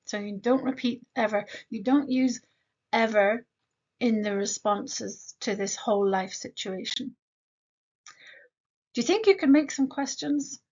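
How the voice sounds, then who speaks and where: Woman teacher going over grammar, kinda high voice, says examples slow and careful, muffled lo-fi sound. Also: darkish tone. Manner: slow, deliberate modeling of example sentences; addresses the learner directly with quick questions. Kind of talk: online grammar lesson.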